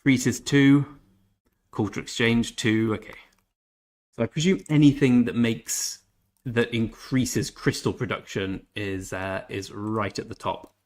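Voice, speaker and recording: A chatty man hosts a gaming live stream, talking to his viewers in a relaxed, everyday way. He drifts between greeting people in chat and quietly thinking aloud. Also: lowish voice, a little slow. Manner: chatty, reads chat aloud, mutters to himself. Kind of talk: casual live-stream commentary.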